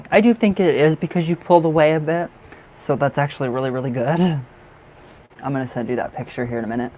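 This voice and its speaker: Chatty male tarot reader on a home live stream, mid pitch, faint room noise. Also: darkish tone, rough recording. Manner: chatty, affectionate, laughs often.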